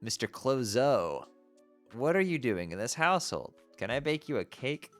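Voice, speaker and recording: A man's voice: medium pitch, big pitch swings, moderate pace, fairly bright tone, soft background music. A man voicing a teenage girl who puts on a fussy, dainty French detective act, offering polite pleasantries. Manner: prim, fussy hostess pleasantries.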